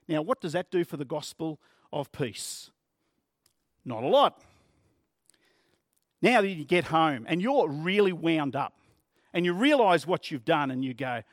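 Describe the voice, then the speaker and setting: A man's voice: high voice, lively intonation, unhurried, long pauses, dry recording, studio quality. A man preaching a sermon as pastor, earnest and plain-spoken, using vivid everyday examples.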